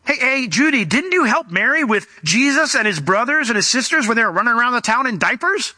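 A man voicing a skeptical small-town villager, speaking in a high, excited, chatty way. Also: a little fast, no echo, heavily acted. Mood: incredulous.

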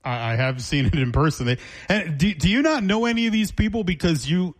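A man with a fairly high-pitched voice hosts a casual radio interview. He asks curious, lively follow-up questions and keeps the talk moving. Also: a little fast. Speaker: radio host.

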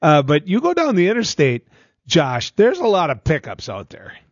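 Radio host, chatty, bit higher voice, dull dry audio. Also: male voice, wildly swooping pitch, normal speed, husky, dry recording. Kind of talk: casual radio chat.

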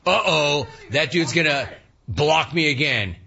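A man's voice: mid-range voice, lively intonation, moderate pace, fairly bright tone, dull audio. A man hosting a casual talk radio show and reading listener complaints, talking in slang and repeating words for emphasis.

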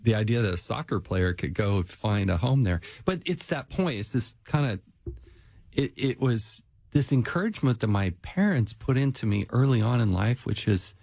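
A male host chats easily with his guest in a low, relaxed voice. The recording is dry and close. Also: moderate pace, no room sound. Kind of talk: casual interview chat.

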